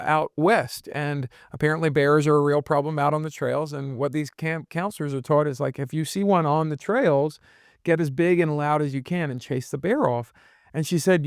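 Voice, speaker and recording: A man's voice: fairly high pitch, vocal fry, no room sound, clean studio sound. A man in his forties, a podcast host, speaking earnestly and telling stories in a reflective conversation recorded at home. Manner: earnest storytelling, acts out quoted voices. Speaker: podcast host and business consultant.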